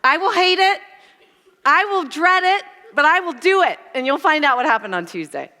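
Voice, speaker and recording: Woman church speaker, high bright tone, animated and self-mocking, big reverberant hall. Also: moderate pace. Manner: animated, self-deprecating storytelling. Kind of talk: storytelling sermon.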